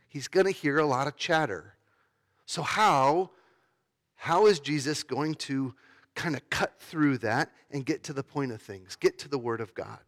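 A man's voice: fairly high pitch, moderate pace. A man giving a sermon as pastor, talking in a conversational way with fillers and restarts.

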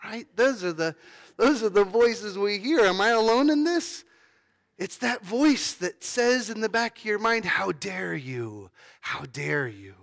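A man's voice: high-pitched, a little slow. A man giving a sermon as pastor, talking in a conversational way with fillers and restarts.

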